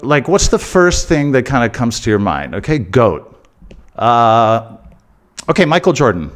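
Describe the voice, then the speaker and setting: A man's voice: medium pitch, very animated, measured pace. A man with an American accent hosting his football channel, talking straight to his viewers in an emphatic, repetitive way with many "uh"s and "okay"s. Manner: emphatic, repeats points, frequent "uh" and "okay". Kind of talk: casual opinion monologue to camera.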